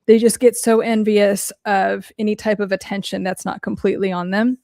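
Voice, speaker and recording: A woman's voice: medium pitch, normal speed, creaky, dry recording, clean studio sound. A woman hosting a podcast as a mental health coach, talking casually and bluntly, swearing freely and using lots of fillers. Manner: animated storytelling. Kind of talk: casual solo talk answering questions.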